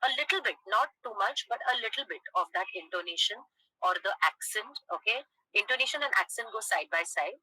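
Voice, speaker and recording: A woman teacher lecturing a class, checking in with "okay?" and pausing on "uh". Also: medium pitch, animated, pushed and bright, breathy edge, no echo, rough recording. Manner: explains with frequent "okay?" check-ins and "uh" pauses.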